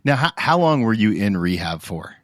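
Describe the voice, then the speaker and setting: A man hosting a podcast, asking his guest questions in a measured, easygoing way. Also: fairly low pitch, big pitch swings, no room sound, studio quality. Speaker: podcast host. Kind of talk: interview questions.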